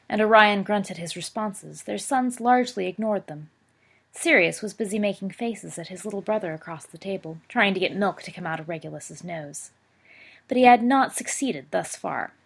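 Husky, gravelly woman reading a story. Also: mid-range voice. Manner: steady storytelling, small slips. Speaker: reader. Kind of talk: reading fan fiction aloud.

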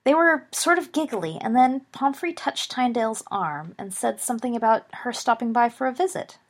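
A woman's voice: a little high, lively intonation, moderate pace, pitched above the performer's own voice. A woman reading the part of an eager, gossipy teenage boy.

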